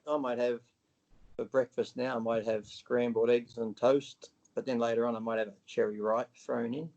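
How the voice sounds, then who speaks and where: A blunt man chats as an interview guest, swearing freely and putting on other people's lines. His voice sits at an everyday middle pitch. The recording sounds dull and lo-fi. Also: dark tone. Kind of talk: casual interview chat.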